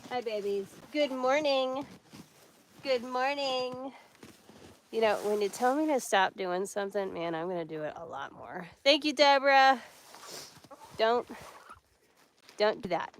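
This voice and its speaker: A woman's voice: mid-range voice, big pitch swings, normal speed, pauses often. A woman hosting a casual livestream at a snowy outdoor chicken coop, chatty and baby-talking her chickens on a handheld phone, with noise in the recording. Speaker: livestream host. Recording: noisy outdoor phone audio.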